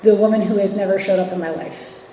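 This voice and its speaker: She's a fast talker with a warm, steady, medium-pitched voice, and a little hiss or hum sits underneath. This woman in her forties, from New York City and Virginia, gives a candid, conversational recovery share as a guest speaker, full of fillers and restarts. The meeting hall is echoey, and the recording sounds dull and lo-fi.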